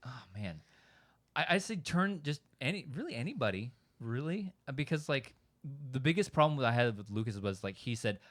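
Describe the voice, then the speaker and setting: A man co-hosting a relaxed fan chat show, speaking in a middle register. He rambles, stops and restarts his sentences, and leans on fillers as he works through his point. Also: mid-range voice, brisk. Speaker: podcast co-host. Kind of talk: casual chat.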